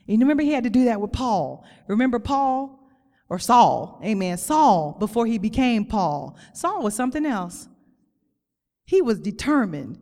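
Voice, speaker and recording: A woman's voice: fairly high pitch, sing-song, a little mellow, in a large hall. A woman preaching a sermon in a church, drawing out her words with emphasis and calling on the congregation. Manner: slow, drawn-out emphatic phrasing, call-and-response. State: close to tears.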